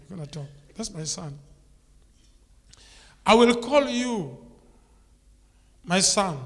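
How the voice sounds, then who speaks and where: A man with a Kenyan English accent preaching a sermon as a bishop, repetitive and swinging between soft murmurs and loud exclamations. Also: high voice. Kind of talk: sermon with live interpretation. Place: church. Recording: church hall with long reverb.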